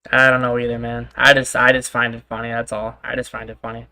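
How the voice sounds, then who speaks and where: Young male gaming streamer, casual rambling banter, bright voice, little pitch movement. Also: monotone, fast talker, gravelly. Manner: laid-back, rambling, swears freely, laughs things off. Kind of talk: casual chat while gaming.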